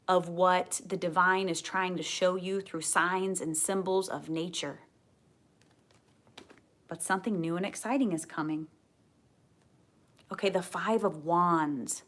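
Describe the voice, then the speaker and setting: A woman giving a tarot card reading to camera, gentle and earnest, often repeating her key phrases. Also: on the low side, measured pace, pauses often. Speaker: tarot reader.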